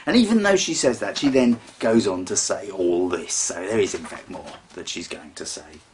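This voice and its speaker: A man's voice: deep voice, expressive, normal speed, a little mellow. A man giving a mock-serious poetry reading in a dry, sarcastic, mock-scholarly way. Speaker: comic poetry reader.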